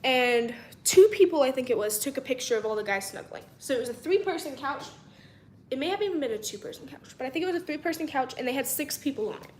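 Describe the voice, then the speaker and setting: Young woman rambling thru a story, high voice, echoey room, bit of hiss behind. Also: animated, fast talker. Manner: chatty and rambling, acts out quotes, drops to a whisper at times. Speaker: vlogger. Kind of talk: casual storytelling.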